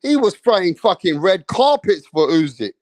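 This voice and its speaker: A man's voice: sits high, big pitch swings, moderate pace, darkish tone, dry recording. A man giving an angry, mocking, profane rant about a boxing match, full of slang. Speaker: boxing commentator.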